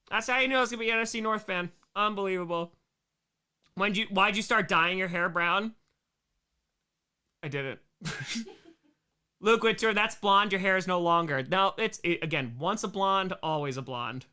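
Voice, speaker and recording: A man hosting a live stream, reacting to his own home videos with excitable, self-mocking jokes. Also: high-pitched. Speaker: streamer host.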